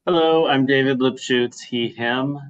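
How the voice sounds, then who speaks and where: A playwright from the Chicago area with a Midwestern accent, introducing himself casually in a hesitant, self-deprecating way. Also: male voice, medium pitch, steady tone, unhurried. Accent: Midwestern American. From Chicago area, USA. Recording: dull lo-fi audio.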